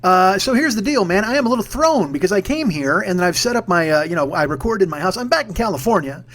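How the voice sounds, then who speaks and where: Fast-talking, profane man hosting a podcast. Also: high voice, big pitch swings, fairly bright tone. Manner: profane, rambling, self-mocking. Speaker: podcast host. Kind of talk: casual solo podcast monologue. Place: home room with a humming ceiling fan. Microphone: sock-covered mic, speaking a bit back from it.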